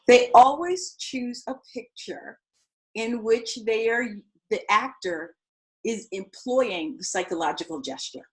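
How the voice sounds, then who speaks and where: A woman teaches solo performance to viewers of a live stream. She talks in an expressive, conversational way, swinging from loud to soft. She keeps checking in with the audience as she goes. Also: mid-range voice, low-quality recording.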